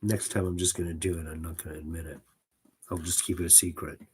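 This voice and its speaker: Low husky man reading aloud. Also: level tone, fast talker. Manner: chatty, talks fondly to his cat. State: feverish. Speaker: reader and streamer. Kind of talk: casual reading aloud with asides. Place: home room at a desk.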